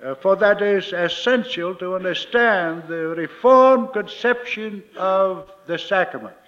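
A man preaching a sermon as a minister, slow and emphatic, repeating his key phrases. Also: sits high, fairly bright tone, lo-fi sound.

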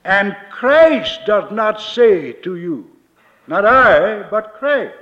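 Slow, high-voiced preaching man. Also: big pitch swings, a bit bright, dull audio. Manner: slow, emphatic preaching with repeated phrases. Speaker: minister. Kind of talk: sermon.

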